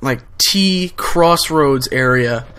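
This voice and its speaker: A young man casually recounting a story with excited energy, rambling with lots of fillers and restarts. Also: mid-range voice, slow, a little hiss or hum. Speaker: gaming channel host.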